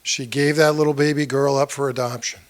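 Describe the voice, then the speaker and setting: This man running for office talks a little fast in a flat, mid-range voice during a small campaign meeting of about 30. He tells stories that act out people's words and asks the audience direct questions.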